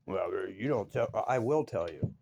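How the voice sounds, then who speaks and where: A man's voice: lowish voice, expressive, a little slow, creaky, mellow. A man telling a work story in a blunt, heated, profane way. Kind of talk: casual storytelling.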